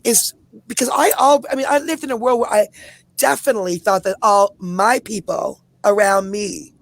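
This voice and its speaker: A woman in her forties from Canada, a publicist and activist talking in a passionate podcast conversation with quick, emphatic run-on asides. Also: medium pitch, fairly even intonation, dry recording. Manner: rapid, emphatic, run-on storytelling with many asides.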